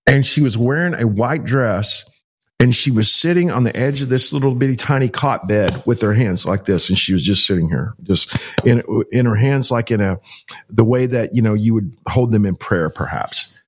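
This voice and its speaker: Middle-aged pastor telling an emphatic story. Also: male voice, medium pitch, moderate pace, husky. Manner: animated, emphatic, acts out dialogue with repetitions. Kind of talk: personal storytelling to an interviewer.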